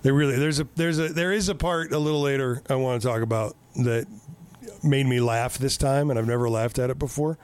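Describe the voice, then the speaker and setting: A man's voice: medium pitch, steady tone, brisk, a little mellow, clear, resonant tone. A man on a casual podcast, recapping a movie in a rambling, joking, profane way.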